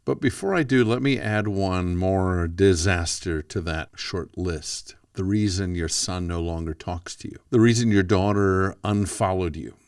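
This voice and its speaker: A man's voice: low voice, measured pace, hardly any pauses, darkish tone, smooth, dry recording, studio quality, distant mic. A man, a rabbi hosting his own show, delivering a scripted inspirational talk with dramatic storytelling and rhetorical questions. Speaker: rabbi and podcast host.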